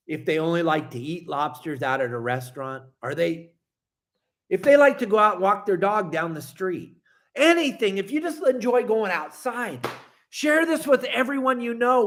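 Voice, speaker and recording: A man hosting a fishing show, ranting angrily to his viewers, cussing and repeating himself, swinging between loud outbursts and quiet grumbles. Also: sits high. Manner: angry, cussing, repetitive, swings loud and soft. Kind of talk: impassioned rant to viewers.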